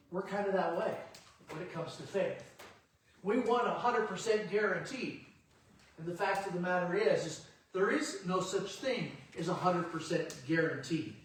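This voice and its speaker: A man's voice: high voice, normal speed, slight background noise. A male pastor preaching a sermon in a conversational, storytelling way in a church sanctuary. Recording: echoey church hall, distant mic.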